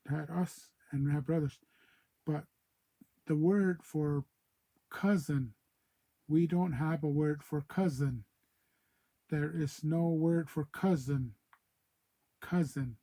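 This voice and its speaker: A man teaching native words in an informal spoken lesson, repeating each word slowly and thinking aloud as he explains. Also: a little high, dark tone, rough recording. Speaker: O'odham language teacher.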